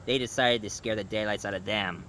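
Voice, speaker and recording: A man's voice: on the low side, fairly even intonation, brisk, sharp tone, a little hiss or hum. A man casually reviewing a cartoon, retelling the plot in a rambling way with fillers.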